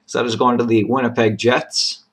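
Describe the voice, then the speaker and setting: A man hosting a trading card box break, steadily announcing each card, who it goes to and its serial number, with brief quiet asides of admiration. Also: mid-range voice, level tone, normal speed. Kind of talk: live card-opening commentary.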